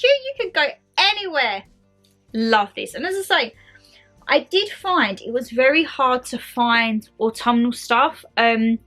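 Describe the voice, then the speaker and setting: A woman's voice: mid-range voice, bright, forceful tone. A woman chatting her way through a shopping haul in a bubbly, rambling, gushing manner. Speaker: lifestyle vlogger showing a shopping haul.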